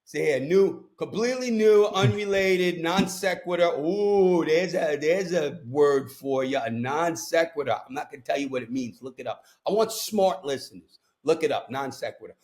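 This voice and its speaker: A man's voice: fairly high pitch, normal speed, hardly any pauses. A man from Brooklyn with a New York accent, hosting a podcast and telling stories in a streetwise, ranting way. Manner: animated ranting storyteller, streetwise. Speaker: podcast host. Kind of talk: casual chat. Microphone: podcast microphone.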